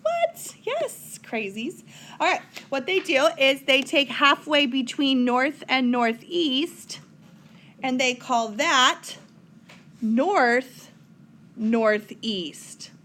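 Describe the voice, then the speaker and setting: A woman's voice: high-pitched, extremely slow, pushed and bright, a little hiss or hum. Chatty woman teaching a math lesson. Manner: chatty, playful asides to students. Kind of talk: recorded whiteboard math lesson.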